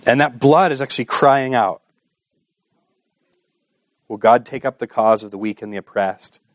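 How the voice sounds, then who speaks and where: A man preaching a sermon with impassioned delivery, asking rhetorical questions and swinging between hushed and raised passages. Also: medium pitch, normal speed, no echo. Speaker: pastor.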